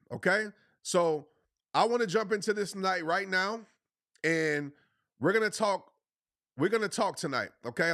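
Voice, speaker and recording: A man's voice: fairly high pitch, fairly bright tone. A man hosting a livestreamed motivational talk, speaking passionately and pushily, repeating phrases for emphasis with casual slang. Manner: casual slang, addresses the audience as y'all.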